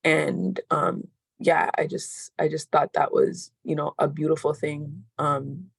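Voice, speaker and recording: A woman's voice: low voice, steady tone, slow pace, creaky, husky, no echo. A woman sharing her reflections on a study group video call, hedging with many fillers.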